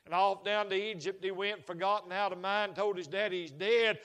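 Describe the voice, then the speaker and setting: A man preaching a sermon, telling Bible stories in a folksy way that builds to shouted fervor. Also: sits high, steady tone, moderate pace, in a large hall.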